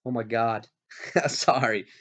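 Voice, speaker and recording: A man hosting a fantasy football league show, talking casually with animated, self-correcting energy while getting over being sick. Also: mid-range voice, takes it slowly. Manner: animated, hyped, self-interrupting. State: recovering from illness, coughing. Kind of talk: casual fantasy sports talk. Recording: dull lo-fi sound.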